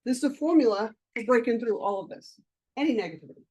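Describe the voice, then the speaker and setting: A woman's voice: a little high, expressive, fast, warm tone, breathy edge, highs cut off. A woman coaching a live workshop, lecturing and telling personal stories in a candid, conversational way with casual swearing. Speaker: life coach leading a workshop.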